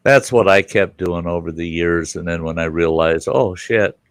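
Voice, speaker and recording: A man's voice: low voice, normal speed, dry recording. A man hosting a casual campfire chat, telling stories in a boisterous, profane way. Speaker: host.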